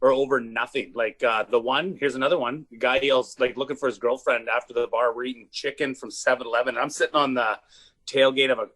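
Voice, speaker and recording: A man who is a comedian guest telling rowdy stories in casual chat, animated and swearing, often laughing. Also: medium pitch, a little fast. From Canada. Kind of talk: casual storytelling.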